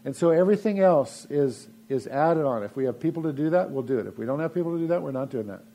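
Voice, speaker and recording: A man's voice: a little high, lively intonation, quick pace, mellow. A man preaching a sermon as pastor of his church, in a folksy, conversational way with frequent restarts.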